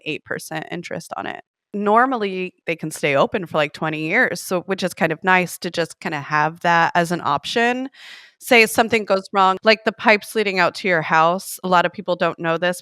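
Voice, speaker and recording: A woman's voice: fairly low pitch, clean tone, no room sound, studio quality. A young woman, blunt and profane, telling stories and giving money advice in casual chat. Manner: blunt and profane, animated retelling of quotes. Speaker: podcast host.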